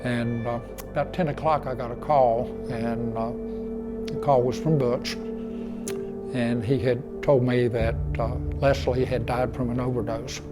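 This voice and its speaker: Flat-voiced man over loud music. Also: mid-range voice. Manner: hesitant, many pauses and "uh"s. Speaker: interviewee, emergency room worker. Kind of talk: documentary interview.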